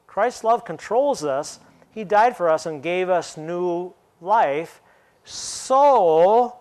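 A man pastor preaching a sermon in a conversational way, laughing now and then and slowing down to stress key words. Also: fairly high pitch, lively intonation.

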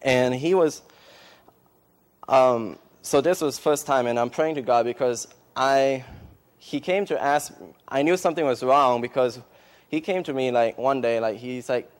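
A man, a missionary, speaking at a church service, giving an emotional testimony and then starting a sermon, halting with many fillers and restarts. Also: mid-range voice, clear, resonant tone.

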